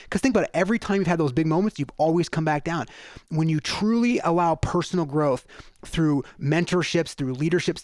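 A man hosting a casual podcast conversation, telling energetic stories and acting out the people he quotes. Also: a little high, no room sound, clean studio sound. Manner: energetic storytelling with acted-out quotes.

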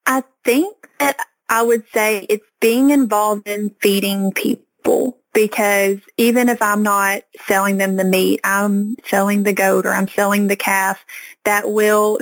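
A woman farmer answers interview questions in an earnest, plain-spoken way. Her voice has a gravelly fry to it. The recording is dry and close. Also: mid-range voice, no echo, rough recording. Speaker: farmer, podcast guest.

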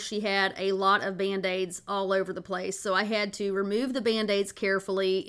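A woman's voice: medium pitch, fairly bright tone. A middle-aged woman, hosting a podcast and telling a family story in a chatty, folksy way. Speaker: podcast host.

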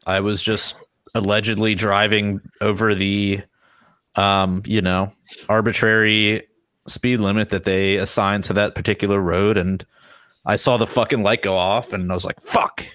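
A man's voice: on the low side, level tone, moderate pace, a bit bright, dry recording. A man co-hosting a casual podcast, laid-back, laughing easily and swearing. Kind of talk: casual chat.

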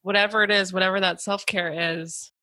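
A woman hosting a podcast, a nurse, chatting casually with her guest and listing colleagues quickly. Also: mid-range voice, steady tone.

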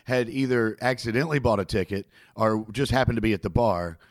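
A man hosts a relaxed conversation and drops in wry comments. His voice is on the low side. The sound is dry and close-miked. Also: fairly quick, no room sound. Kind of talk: casual chat.

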